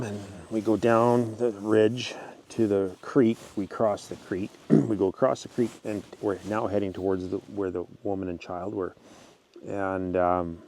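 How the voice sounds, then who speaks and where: A man with a fairly low, warm, mellow voice tells a wilderness story in a loose, conversational way. He rambles, backtracks and clears his throat often as he goes. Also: slight background noise. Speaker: channel host reading a viewer's story. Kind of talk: casual spoken storytelling.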